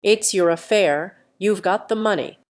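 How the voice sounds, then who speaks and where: A woman's voice: medium pitch, measured pace, natural voice. Woman reading as Trina, a stubborn young wife. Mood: cold, mincing. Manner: sharp and defiant, then mincing.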